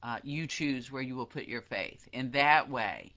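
A woman giving a casual spiritual teaching talk, animated and self-deprecating, acting out quoted voices. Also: a bass voice, unhurried. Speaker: spiritual teacher leading a study group. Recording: dull lo-fi sound.

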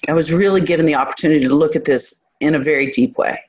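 A spiritual teacher talks to a group in a reflective, unhurried way. The delivery is halting and searching, often stopping to find the next words. There is a candid, self-examining quality to it, with a touch of humor at their own expense. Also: medium pitch. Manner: hesitant and searching, pausing to gather thoughts.

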